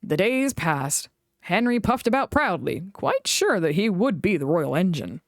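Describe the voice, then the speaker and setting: A woman reading a children's railway storybook aloud in an expressive, animated way. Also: lowish voice, unhurried, no echo, studio quality. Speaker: storybook reader.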